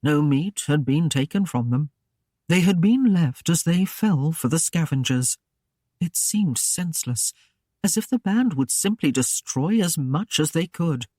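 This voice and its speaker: An audiobook narrator reading a historical romance in a steady, even storytelling manner. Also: medium pitch, a little slow, dry recording, clean studio sound. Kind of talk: scripted narration.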